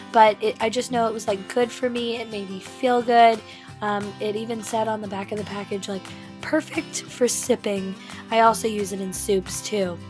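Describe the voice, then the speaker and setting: A woman with a raspy voice from laryngitis, chatting through a casual shopping vlog voiceover with lots of fillers. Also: a little high. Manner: chatty, enthusiastic, many fillers. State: hoarse from laryngitis. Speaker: vlogger.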